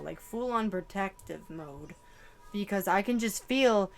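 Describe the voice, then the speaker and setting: Slow-talking woman giving an emotional psychic reading. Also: mid-range voice, lively intonation, gravelly. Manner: emotional, swearing, exclaiming. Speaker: tarot reader.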